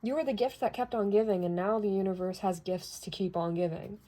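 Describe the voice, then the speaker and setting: A woman's voice: medium pitch, fairly even intonation, fairly quick, dark tone, a little hiss or hum. A woman doing a casual tarot reading who talks chattily, laughs often and drifts into asides. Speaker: tarot reader.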